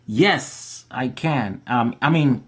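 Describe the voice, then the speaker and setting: Slow and husky at medium pitch, this man runs a relaxed live Q&A, reading out questions from viewers. His talk is loose, packed with fillers and false starts.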